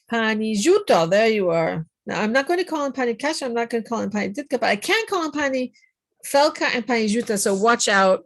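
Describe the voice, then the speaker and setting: A woman's voice: mid-range voice, vocal fry, dry recording. A woman teaching a Polish class over a video call, patiently explaining phrases and encouraging her students. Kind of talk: online language class. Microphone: computer mic on a video call.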